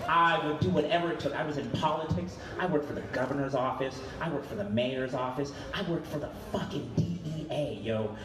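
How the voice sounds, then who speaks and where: Angry man shouting at a rally. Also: a little high, brisk, hardly any pauses, music in the background. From Wyoming, USA. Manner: angry, profane, rising to shouts. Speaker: protest speaker. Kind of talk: impassioned rally speech. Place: outdoor street protest. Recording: echoey outdoor PA from far off, loud crowd.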